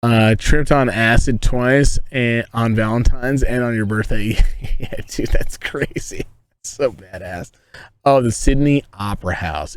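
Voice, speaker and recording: A man's voice: medium pitch, moderate pace. A man from the United States live-streaming from inside a tent, rambling and joking with his viewers and swearing often. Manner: rambling, profane, joking, talks to chat. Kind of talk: casual live-stream chat.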